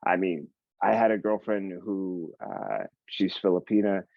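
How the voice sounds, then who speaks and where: A man hosting an interview, talking casually with halting restarts and praise for the guest's work. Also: sits low, big pitch swings, vocal fry, dry recording. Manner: warm, complimentary, halting restarts. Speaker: podcast host. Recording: dull dry lo-fi sound.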